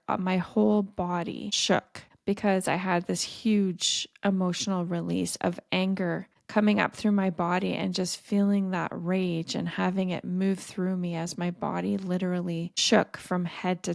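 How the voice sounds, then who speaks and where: A middle-aged woman talks through her solo podcast as a dating coach, gentle and earnest. Her voice has a gravelly edge at an ordinary pitch for a woman. The sound is dry and close, with no room around it. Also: no echo.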